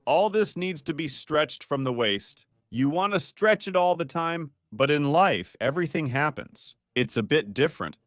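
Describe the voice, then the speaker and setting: A man's voice: fairly high pitch, normal speed, few pauses, no echo, studio quality. A man, a doctor, giving a playful video lesson on the spine and quizzing his viewers. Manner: lively, playful teaching with quiz questions to viewers. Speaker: doctor explaining spine health.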